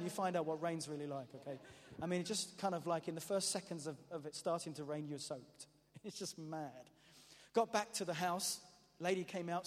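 Animated preacher in a reverberant hall. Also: male voice, on the high side. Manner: animated, self-mocking storyteller with frequent restarts. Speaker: preacher giving testimony. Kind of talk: storytelling sermon testimony.

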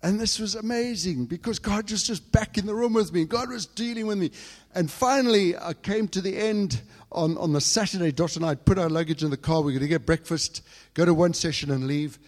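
A man from England preaching a sermon, telling a personal story and swinging between hushed, quiet passages and loud, fervent outbursts. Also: sits high, fairly quick, big-room sound.

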